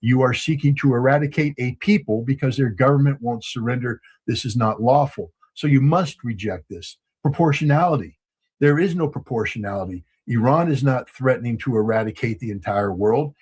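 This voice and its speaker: A man speaking as a commentator in a formal, grave tone. He stresses his points firmly, pausing on the odd um. His voice is husky, with a mid-range pitch. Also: darkish tone. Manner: formal, grave, emphatic, with filler ums. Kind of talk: measured political commentary.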